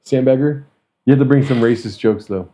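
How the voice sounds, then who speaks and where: A man's voice: mid-range voice, fairly quick, dark tone. A young man hosting a podcast, chatting casually, joking, laughing a lot and swearing freely. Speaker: podcast host. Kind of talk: casual chat.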